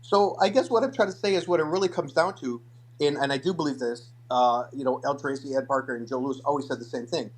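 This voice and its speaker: Older man, martial arts guest, casual interview, animated storytelling, repeats words. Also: medium pitch, quick pace.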